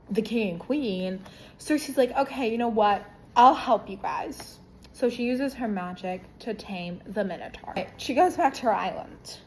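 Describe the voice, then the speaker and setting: A woman casually reviewing a book, retelling the plot in an irreverent, profane, animated way. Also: mid-range voice, slight background noise, rough recording.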